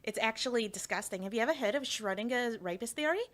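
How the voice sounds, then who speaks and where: A woman's voice: a little high, lively intonation, fast talker, close to an everyday voice. A woman putting on an Australian accent to play a blunt, preachy radical feminist woman. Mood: indignant.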